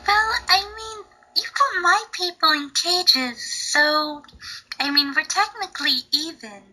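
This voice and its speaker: A woman's voice: very high-pitched, slow, bright, forceful tone, poor audio. A woman acting in a comedic fan parody, teasing and rambling. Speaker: parody voice actor.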